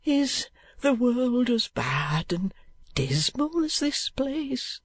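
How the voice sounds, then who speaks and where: A man's voice: very high voice, sing-song, drawn-out words, no room sound, voice pushed up, full character voice. A man voicing a timid, tearful, downtrodden young man of nineteen who pleads in a breaking half-whisper. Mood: pleading.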